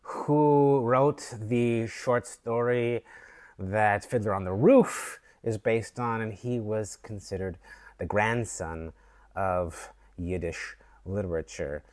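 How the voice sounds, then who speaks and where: A man from Canada talking slowly and thoughtfully to camera in a reflective vlog, with fillers and restarts. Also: fairly low pitch, steady tone, a little mellow. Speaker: vlogger.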